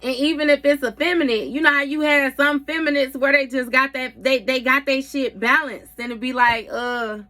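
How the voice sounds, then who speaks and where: A woman's voice: sits high, steady tone, moderate pace, hardly any pauses, pushed and bright. A woman giving a casual tarot reading in a blunt, heavily profane way, with frequent mm-hmms. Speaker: tarot reader.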